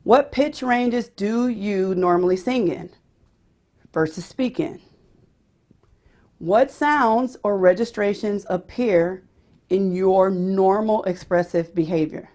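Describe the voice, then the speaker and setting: A woman's voice: mid-range voice, slow, darkish tone. A woman teaching a vocal pedagogy workshop, explaining how she picks registration and demonstrating different voices.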